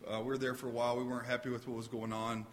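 A man telling his and his wife's church story at a service, halting and self-deprecating. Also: mid-range voice, little pitch movement, a little hiss or hum. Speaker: husband sharing testimony. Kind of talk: casual testimony on church stage.

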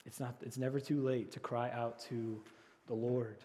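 A man's voice: medium pitch, level tone, normal speed, dark tone. A man preaching a sermon as pastor, earnestly repeating key phrases and leading the congregation in call and response. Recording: long hall reverb.

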